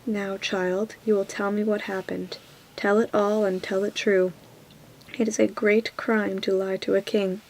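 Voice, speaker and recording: A woman voicing a gruff, irritable king in a whispered role-play. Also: mid-range voice, level tone, unhurried, slight background noise, close to an everyday voice, low-quality recording. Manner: soft whisper.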